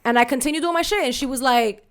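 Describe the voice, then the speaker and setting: A woman's voice: high voice, fast, a bit bright. A woman podcast co-host telling a candid story in casual chat, full of slang and Spanish asides.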